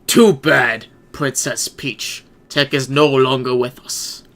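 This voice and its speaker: A man voicing a cold, scheming villain overlord with a smug, slow drawl. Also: mid-range voice, steady tone, fairly bright tone. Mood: gloating.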